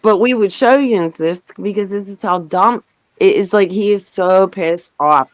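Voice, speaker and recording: A woman's voice: unhurried, no echo, dull audio. A middle-aged woman hosting a casual panel chat, telling a story with lots of swearing and acting out what others said. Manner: animated, swearing, acts out quotes in a higher voice. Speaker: panel host.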